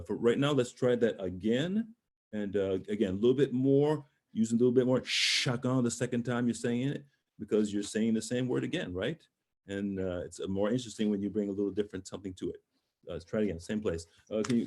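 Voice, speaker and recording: A man's voice: fairly low pitch, animated, fast talker, mellow. A man coaching a young singer over a video call, talking through phrasing with hesitant, encouraging remarks and sung sample words. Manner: encouraging, hesitant, sings and speaks sample words in French and German. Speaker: voice coach leading a master class. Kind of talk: online master class coaching.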